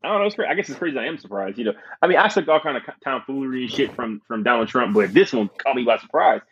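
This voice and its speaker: A man's voice: medium pitch, expressive, very fast, fairly bright tone, slightly rough, muffled recording. A man in casual podcast chat, ranting emphatically and swearing freely.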